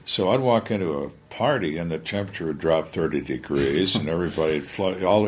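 An older man, a retired homicide lieutenant, telling blunt, wry stories from his career in an interview. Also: on the low side. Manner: blunt, plain-spoken, wry. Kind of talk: candid storytelling interview.

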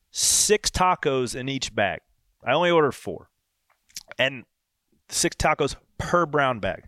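A man hosting a podcast, telling a casual story with lively quoted dialogue. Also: mid-range voice, dry recording, clean studio sound. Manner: animated anecdote with quoted dialogue. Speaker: podcast host.

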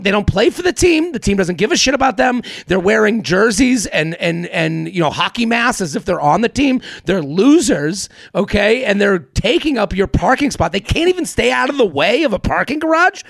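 A podcast host, a man with a high-pitched voice and a gravelly rasp, rants animatedly and swears freely. He sounds close and dry, with no room around him. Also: normal speed, few pauses, dry recording. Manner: animated, profane ranting. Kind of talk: comedic advice-podcast rant.

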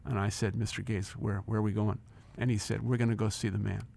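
Speaking fast with a fairly low pitch and vocal fry, a man in his sixties who used to lead a company shares a personal story in an interview. He's lively, performs the dialogue, and repeats words when he gets carried away.

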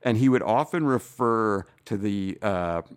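A man's voice: on the low side, expressive, measured pace, clear, resonant tone. A man who hosts a casual podcast chat, laughing often and steering the talk. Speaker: podcast host.

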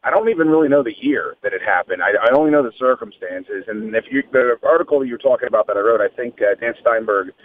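A man's voice: medium pitch, quick pace, few pauses. A man from the Washington area who hosts sports radio, chatting loosely and with a joking streak. His voice comes through a thin, phone-like line with a faint hiss behind it. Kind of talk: casual podcast interview.

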